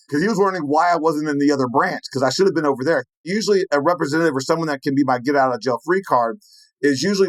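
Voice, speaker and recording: A man telling a story in an animated way, acting out the lines of the people in it. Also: mid-range voice, no room sound, low-quality recording. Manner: lively, acts out quoted lines in his story. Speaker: penetration tester telling a story.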